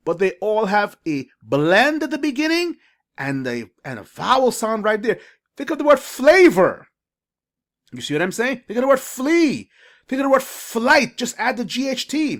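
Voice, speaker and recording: A reading coach giving a screen-share phonics lesson to parents, enthusiastic and emphatic, drawing syllables out slowly and coaxing listeners with direct questions. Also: medium pitch.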